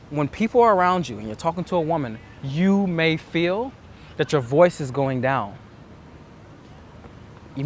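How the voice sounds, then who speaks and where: A man's voice: on the high side, fairly bright tone, slight background noise. Earnest man coaching outdoors. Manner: earnest, reflective, acts out quoted self-talk. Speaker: dating coach. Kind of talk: instructional monologue.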